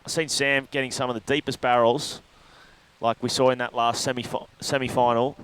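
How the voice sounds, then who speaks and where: A man's voice: mid-range voice, level tone, fairly quick, fairly bright tone, slight background noise. A man giving loose, rambling live commentary on a surf contest, breaking down each ride. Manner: loose, rambling analysis with fillers.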